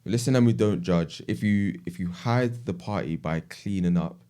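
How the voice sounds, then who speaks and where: A man co-hosting a casual podcast, laid-back and measured, often saying "listen". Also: low-pitched, warm tone. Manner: laid-back, measured, says "listen" and "do you know what I mean". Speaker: podcast co-host.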